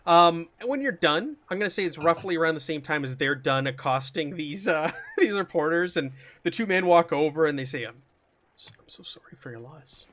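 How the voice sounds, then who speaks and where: A man narrating as game master of a tabletop game, animated and quick to laugh. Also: a little high.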